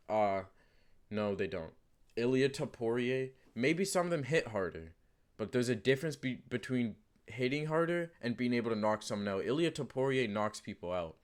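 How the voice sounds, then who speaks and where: Man, low voice, casual unscripted commentary, rambling, many fillers and restarts, emphatic repeats. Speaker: channel host giving fight predictions.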